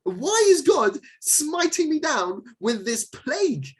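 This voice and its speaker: A man voicing a bewildered new homeowner who whines in a shrill, exasperated way. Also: big pitch swings, slow pace, heavily acted.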